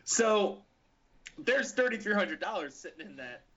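A man's voice: mid-range voice, moderate pace. A man on a casual podcast, telling a story and acting out the dialogue. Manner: animated, acts out the dialogue in his story. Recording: lo-fi podcast audio.

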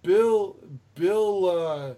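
A man voicing a chatty male veterinarian who fumbles halting for a name. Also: high-pitched, warm tone, recorded from a distance, pitched above the performer's own voice. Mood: puzzled. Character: puzzled chatty male veterinarian, sports fan.

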